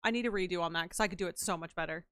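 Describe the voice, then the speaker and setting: A woman's voice: on the low side, racing, a bit bright, no room sound, studio quality. A woman live-streaming a game from her home setup, chatting casually with her viewers in a playful, joking way.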